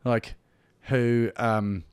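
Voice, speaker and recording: A man's voice: mid-range voice, very slow, clean tone, dry recording. An Australian man, a comedian guest, telling stories in a casual chat and acting out the people he quotes. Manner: animated storyteller, acts out quotes.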